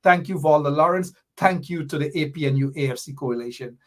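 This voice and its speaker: A man's voice: on the high side, fairly quick. A middle-aged man with a Guyanese accent, hosting a political commentary show in a fiery, sarcastic way, hammering his points with repeated jabs.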